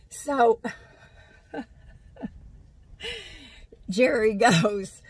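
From a vehicle parked in a lot, a vlogger chats casually with viewers, wandering between stories and laughing often. Her voice is medium-pitched with lively intonation and a slow pace; there's no echo, though the phone-on-a-stand recording is rough.

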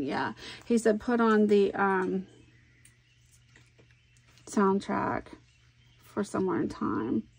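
A middle-aged woman talks unhurriedly as she crafts, thinking aloud and musing to herself. Her voice sits at a middling pitch and carries a gravelly fry. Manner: chatty, thinks aloud while working. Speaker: scrapbooking crafter. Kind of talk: casual crafting vlog talk.

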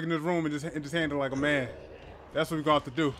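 A man casually commenting on a horror game as he plays, talking to his viewers and yelling when startled. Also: fairly high pitch, racing, a little hiss or hum. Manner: excitable, talks to viewers, yells at jump scares. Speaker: gaming channel host. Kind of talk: casual let's-play commentary. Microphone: headphones with a mic.

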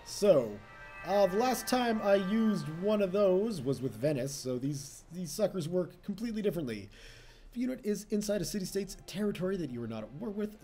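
A man's voice: high voice, dark tone. A young man casually commenting on his strategy game session, chatty and self-mocking, laughing often. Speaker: let's play host.

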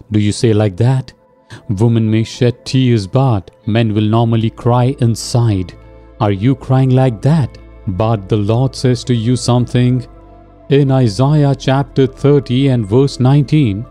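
A man delivers a devotional sermon in a deeply mellow, dark-toned voice, pleading with listeners and guiding them through prayer. His pitch sits in a middle range, and soft music plays faintly behind him. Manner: slow, pleading, rhetorical questions to listeners; gentle and earnest, leads listeners in prayer. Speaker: preacher.

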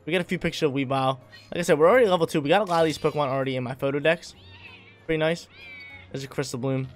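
A man's voice: a little high, racing, soft background music. A man giving casual, hyped gameplay commentary, talking in slang and laughing often.

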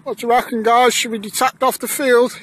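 Jokey high-voiced man outdoors. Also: level tone, a little fast, fairly bright tone. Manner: jokey, banters with mates. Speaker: metal detecting vlogger. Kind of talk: casual outdoor vlog chat. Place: outdoors in fields.

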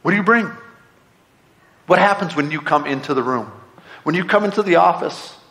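A man's voice: on the high side, animated, normal speed, a bit bright. A middle-aged man preaching a sermon, earnest and conversational, full of repeated rhetorical questions. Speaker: pastor. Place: church sanctuary.

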